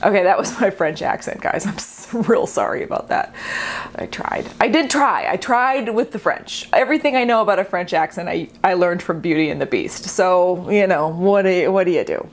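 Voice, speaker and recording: A woman's voice: lowish voice, moderate pace. Chatty, playful woman explaining art. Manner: chatty, playful, self-mocking, animated. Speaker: artist and video host. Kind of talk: comedic art-history explainer.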